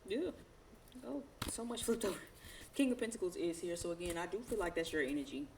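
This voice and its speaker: A woman's voice: fairly low pitch, brisk, background noise. A woman doing a casual tarot reading, talking in slangy, profane, rambling asides and laughing often. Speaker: tarot reader.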